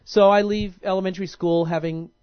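Male pastor, conversational sermon, halting restarts, dry dull lo-fi sound. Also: high-pitched, steady tone, clear, resonant tone, no room sound. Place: church. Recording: dull lo-fi recording.

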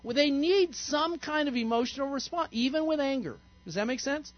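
A man's voice: very high-pitched, lively intonation, moderate pace, dull audio. A man, a pastor, giving an interactive sermon in a conversational, playful way and quizzing the congregation. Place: church sanctuary.

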